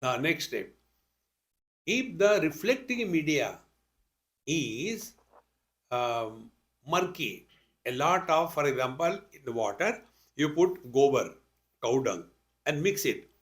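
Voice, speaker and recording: There's a sing-song lilt to this older man's high voice, and he moves slowly, leaving long pauses. He's a spiritual teacher with an Indian accent giving a discourse to an audience, full of stories, rhetorical questions and humorous remarks.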